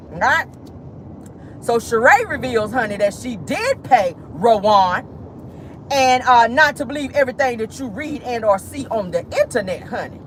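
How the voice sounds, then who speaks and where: A woman's voice: a little high, a bit bright, slight background noise. A woman in a car giving sassy, exclamatory celebrity gossip commentary. She often calls out to the Lord and sprinkles her talk with "honey" and "child". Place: parked car.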